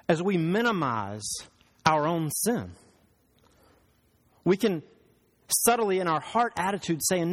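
A male pastor preaching a sermon, telling stories and slowing down for emphasis. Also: on the high side, very animated. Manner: storytelling, slows for emphasis. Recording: long hall reverb.

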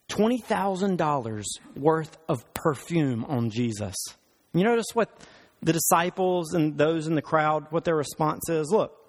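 A male pastor preaching a sermon, animated and emphatic, with rhetorical questions. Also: a little high.

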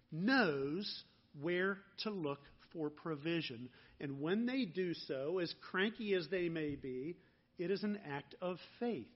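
High-pitched guy preaching slow and earnest, kinda dull lo-fi sound. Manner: earnest, slowing down and dropping soft on key phrases. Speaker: pastor. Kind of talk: sermon.

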